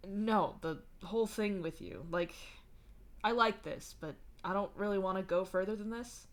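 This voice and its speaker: A woman reading a deadpan young guy. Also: mid-range voice, normal speed, lightly acted. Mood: earnest. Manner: deadpan, casual drawl. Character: laid-back deadpan young man.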